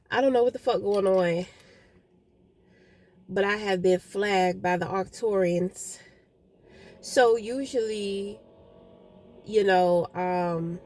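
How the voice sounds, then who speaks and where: A woman's voice: mid-range voice, darkish tone, a little hiss or hum. A woman venting in a casual vlog outdoors, frustrated and rambling, swearing often. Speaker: vlogger.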